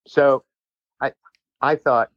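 A man's voice: medium pitch, steady tone, slow pace, no echo, muffled recording. A man, a personal trainer, telling a long rambling story in casual chat with many restarts and asides.

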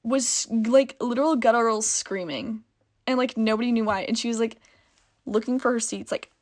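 A woman's voice: on the high side, moderate pace. A young woman vlogger chatting through a casual storytime, giggly and full of "like" fillers.

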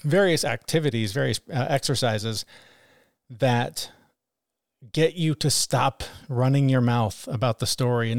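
A man's voice: medium pitch, animated, measured pace, vocal fry, no echo, studio quality. A man co-hosting a podcast, talking candidly and with plenty of swearing about self-criticism, sometimes acting out his own harsh inner voice. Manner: frank and profane, acts out his inner critic. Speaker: podcast co-host. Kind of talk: candid conversational chat.

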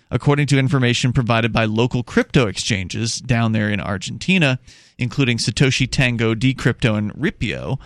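A man's voice: mid-range voice, a bit bright, no room sound, studio quality. A man co-hosting a talk show in casual chat, explaining step by step and reading news passages aloud with small restarts. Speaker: podcast co-host.

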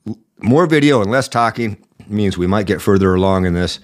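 A man's voice: lowish voice, lively intonation, fairly quick. A man hosting a political podcast, giving indignant commentary with a sore throat. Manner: indignant, rising emphasis. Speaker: podcast host.

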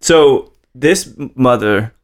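A man's voice: medium pitch, expressive, slow pace. A man hosting a casual conversation, loose and enthusiastic, cutting himself off mid-sentence and cursing freely. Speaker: podcast host.

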